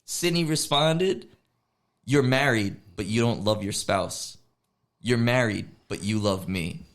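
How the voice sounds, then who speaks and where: This is a podcast co-host, a man whose voice sits fairly low and who speaks slowly. In casual conversation he spins lively stories, performing the voices, including quoted lines from a chatbot.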